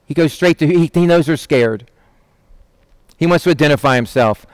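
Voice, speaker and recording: A man preaching with a fairly high, animated voice, recorded close and dry with no room sound. He keeps his sermon conversational, checks in with his listeners and jumps into little voices for the people he quotes. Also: moderate pace, no room sound. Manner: lively, acts out quotes in voices, asks "right?".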